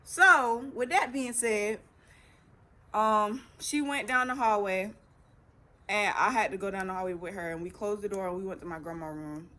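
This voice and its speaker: A woman's voice: medium pitch, normal speed. A teenage girl, telling her own story casually as a vlogger and acting out what people said. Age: teens. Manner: chatty, animated retelling with acted quotes.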